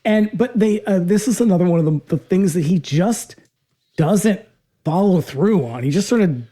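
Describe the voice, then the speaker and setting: Sarcastic guy on a podcast, swears a lot, voice bouncing all over, mellow. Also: sits high, normal speed. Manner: animated and sarcastic, swears freely. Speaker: podcast co-host. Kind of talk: casual chat about a film.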